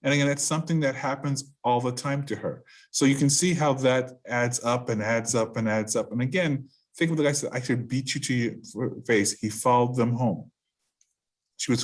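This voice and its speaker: A man teaching an online class over a video call, speaking haltingly with restarts and rhetorical questions. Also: mid-range voice.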